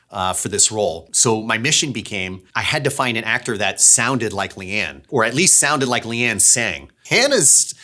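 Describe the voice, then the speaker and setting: A man who creates audio dramas, chatting casually behind the scenes and telling stories in a lively way that sometimes restarts its phrases. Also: fairly low pitch. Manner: chatty, storytelling, restarts phrases when excited.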